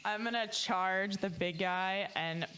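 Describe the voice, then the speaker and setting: A woman's voice: medium pitch, slow. A woman playing a tabletop game, calling her attacks and counting out dice in a matter-of-fact way. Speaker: player. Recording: noisy background hiss.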